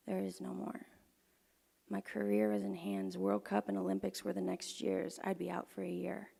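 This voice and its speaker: A young woman telling a personal story live on stage to an audience, earnest and often dropping to a hushed near-whisper. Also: mid-range voice, level tone, moderate pace, vocal fry, husky. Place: performance venue with audience. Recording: long hall reverb.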